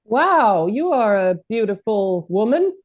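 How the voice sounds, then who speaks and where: A woman gushes over her scene partner in an online improv game. Her voice is high, and the audio sounds dull and far from the mic. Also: sing-song, takes it slowly. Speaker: improv performer. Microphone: video call.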